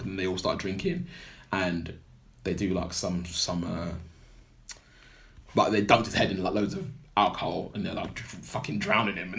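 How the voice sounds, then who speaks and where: A man's voice: sits low, steady tone, moderate pace, gravelly. Rambling young man. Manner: rambling storyteller, heavy filler words. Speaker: podcast co-host. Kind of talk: casual film recap chat.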